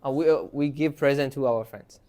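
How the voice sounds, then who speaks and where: A man's voice: mid-range voice, brisk, warm tone. A man teaching an English class, asking students questions and modeling phrases for them to repeat. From Myanmar. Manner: encouraging, asks questions, models phrases for repetition.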